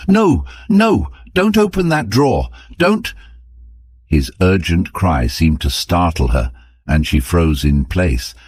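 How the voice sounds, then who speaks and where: A man with a very deep, husky voice reading a story aloud in a clear, even way. The sound is dry and close, with no room around it. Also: dry recording. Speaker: narrator. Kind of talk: audiobook narration for English learners.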